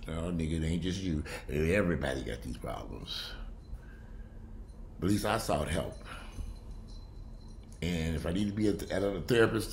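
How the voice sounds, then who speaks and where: Brief: deep-voiced man, animated blunt home vlogger, faint hiss behind. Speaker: vlogger commenting on a news story. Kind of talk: casual commentary.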